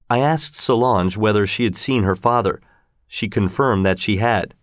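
A man's voice: on the low side, no room sound. Man reading a story, dry and close. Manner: measured, even first-person narration. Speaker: narrator.

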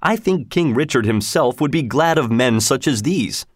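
A man's voice: lively intonation, moderate pace, no echo, lightly acted. Man doing proud king in disguise, storybook, stern, dignified, dry close sound. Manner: stern, indignant, raised pitch. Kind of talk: storybook reading.

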